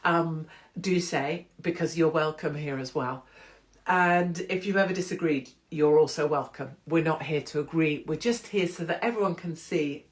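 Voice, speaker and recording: A British-accented woman from England hosts her own live-streamed show from home, chatting casually in an irreverent, oversharing way. Her voice is low-pitched and her pace normal, picked up by a phone or computer.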